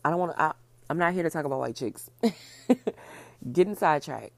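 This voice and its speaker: A woman hosting her own podcast, talking fast and casually, repeating points for emphasis. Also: sits low, gravelly, dry recording. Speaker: podcast host. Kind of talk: casual solo podcast talk.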